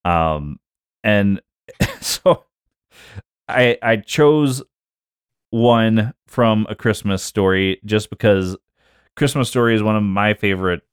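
A man's voice: lowish voice, slow pace, pauses often, clean tone, no echo, clean studio sound. A man co-hosting a casual podcast, chatting and laughing often as he reads old lyrics aloud. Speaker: podcast co-host.

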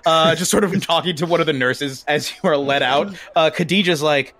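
A man's voice: fairly high pitch, moderate pace, few pauses, fairly bright tone. A man narrating a tabletop game as game master, chatty and stammering.

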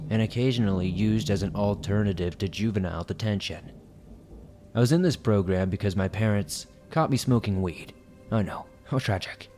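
A man's voice: lowish voice, mellow. A man reading listener horror stories aloud in a suspenseful storytelling manner.

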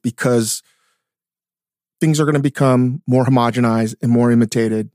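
A man co-hosting a casual podcast, talking in an animated way, swearing often and restarting his sentences. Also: medium pitch, moderate pace, pauses often, no echo, studio quality. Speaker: podcast co-host, chef. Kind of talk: casual chat. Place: studio.

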